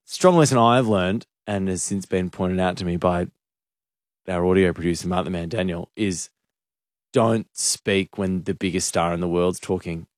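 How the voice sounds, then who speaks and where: A man's voice: deep voice, normal speed, no echo, clean studio sound. A man hosting a radio show, rambling and mocking himself in casual banter. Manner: self-mocking, rambling with restarts. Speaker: radio host. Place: radio studio.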